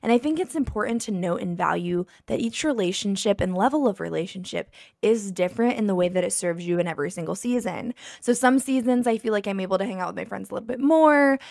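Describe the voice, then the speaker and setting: Woman, podcast co-host, bubbly casual chat, mid pitch, dry close-mic sound. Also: fast, gravelly, darkish tone, no echo. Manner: bubbly and laughing often.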